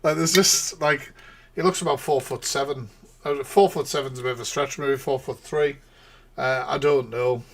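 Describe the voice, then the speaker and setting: A man's voice: mid-range voice, steady tone, moderate pace, creaky, a little hiss or hum. Give me a man rambling through live reaction chat. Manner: rambling, laughing, sarcastic asides. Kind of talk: casual live-stream commentary.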